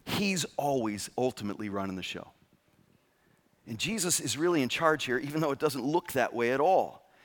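Male pastor, emphatic preaching voice with animated swings, long room reverb. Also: mid-range voice, moderate pace. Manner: animated, emphatic, asks rhetorical questions. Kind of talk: sermon.

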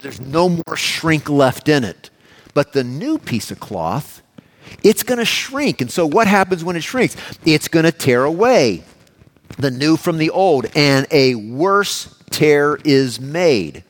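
A man's voice: on the high side, expressive, slow. A man preaching a sermon, emphatic and explanatory, asking the congregation rhetorical questions as he works through a passage verse by verse.

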